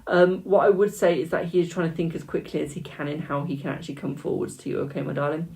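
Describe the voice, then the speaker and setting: A man's voice: fairly high pitch, little pitch movement, fast talker, gravelly, rough recording. A man in his twenties on a live stream reading tarot cards, chatty and teasing, calling every viewer "my darling". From United Kingdom. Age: 20s. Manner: chatty, calls viewers "my darling", laughs and teases. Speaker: tarot reader. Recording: loud keyboard clicks and typing.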